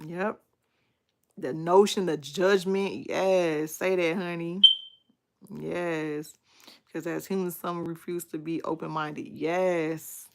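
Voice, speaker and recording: A young adult woman chatting casually with viewers during a livestream, animated and talkative, thanking people by name and sliding into baby talk with her son. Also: on the low side, slow, gravelly, slight background noise. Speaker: livestream host.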